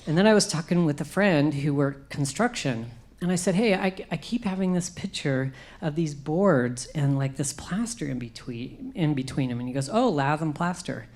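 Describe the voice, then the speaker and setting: Speaking at a conference, a middle-aged woman tells an emotional personal story and performs her own earlier words. Her low, somewhat mellow voice is expressive, moving at a moderate pace with few pauses.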